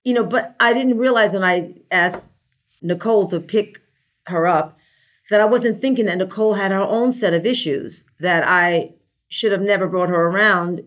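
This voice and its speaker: A woman, a life coach, telling an animated story in a casual interview and acting out the voices of the people she quotes. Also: medium pitch, moderate pace. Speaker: guest, life coach and trainer. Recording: dull lo-fi recording.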